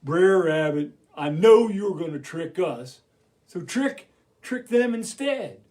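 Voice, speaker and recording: A man voicing a big, blunt bear in a children's story, speaking lower and gruffly matter-of-fact. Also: animated, slow pace, a little mellow. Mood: urgent.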